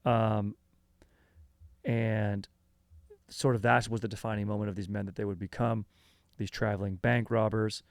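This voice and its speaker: A man's voice: on the low side, level tone, moderate pace, pauses often, no room sound, studio quality. A man hosting a comedy history podcast, talking loosely and rambling with lots of fillers and casual slang.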